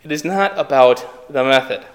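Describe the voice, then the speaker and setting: A man's voice: medium pitch, normal speed, reverberant. A man preaching a sermon in a conversational way, asking the listeners rhetorical questions.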